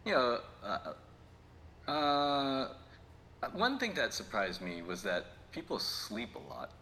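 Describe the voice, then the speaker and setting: A man's voice: medium pitch, wildly swooping pitch, takes it slowly, pushed and bright, slight background noise. A man co-hosting a podcast in casual chat, rambling and laughing often as he tells stories. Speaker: podcast co-host.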